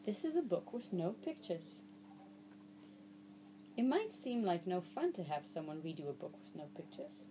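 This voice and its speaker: A woman's voice: on the low side, very animated, moderate pace, long pauses, noisy background. A woman reading a children's book aloud to a child, playful and mock-exasperated, breaking into silly nonsense sounds.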